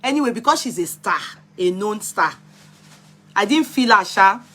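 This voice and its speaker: A woman's voice: mid-range voice, expressive, normal speed, sharp tone. A woman with a Yoruba-inflected Nigerian accent, chatting casually on a live stream and answering viewers' comments bluntly. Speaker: vlogger reviewing films.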